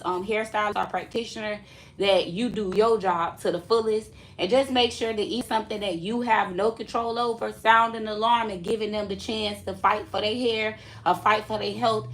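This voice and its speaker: A woman's voice: medium pitch, slight background noise. A woman loc stylist, chatting casually and teasingly to her viewers in a salon vlog. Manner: chatty, animated, teasing, laughs often. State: recovering from a choking fit.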